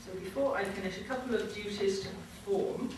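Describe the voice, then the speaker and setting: A woman's voice: mid-range voice, fairly quick. Woman announcing in an echoey hall. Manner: informal, loosely structured announcing. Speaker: convention host presenting awards. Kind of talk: live announcements from a stage. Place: large conference hall. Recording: echoey hall from far off, noisy.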